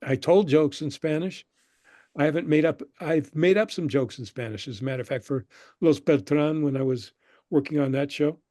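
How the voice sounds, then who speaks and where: An older man recounts his story in an easygoing, anecdotal way. His voice sits a bit high but sounds mellow and warm. The recording is close and dry, with no room around it. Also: moderate pace, dry recording. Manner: relaxed anecdotal storytelling, acting out the people he quotes. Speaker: guest, screenwriter and professor. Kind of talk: conversational interview storytelling.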